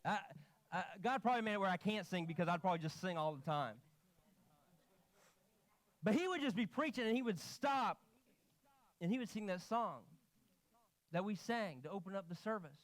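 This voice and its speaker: A pastor delivers a lively sermon in a church, his voice pitched a little high for a man. He tells stories with animated energy and acts out the people he quotes. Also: moderate pace, long pauses. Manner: animated storytelling, quoting himself and others. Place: church sanctuary.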